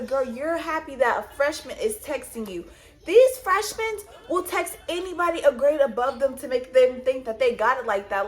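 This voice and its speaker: A woman with a high voice tells a story casually straight to the camera. She repeats her lines and acts out the dialogue as she goes. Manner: animated retelling with repetitions and quoted dialogue. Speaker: vlogger.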